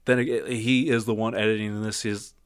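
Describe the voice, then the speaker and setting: A man's voice: fairly low pitch, level tone, normal speed, smooth, no echo, studio quality. A man giving a casual spoken film review. He rambles, second-guesses himself and uses lots of fillers. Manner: rambling, self-doubting, many fillers.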